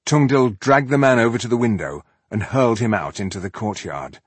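A man narrating an audiobook in an expressive storytelling manner. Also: mid-range voice, a little fast, hardly any pauses, breathy edge, dry recording. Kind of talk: scripted narration.

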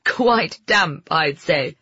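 A narrator voicing a bright, playful young upper-class woman in an audiobook. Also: drawn-out words, breathy edge, no room sound, highs cut off, exaggerated voice. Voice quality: lighter, higher, lively. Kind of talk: audiobook character voice.

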